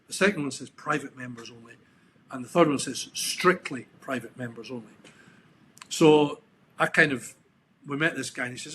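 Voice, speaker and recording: A man's voice: medium pitch, normal speed, fairly bright tone, a little hiss or hum. A middle-aged Scottish man, a podcast guest, telling stories in a reflective, rambling way with frequent restarts and ums. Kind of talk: casual interview chat.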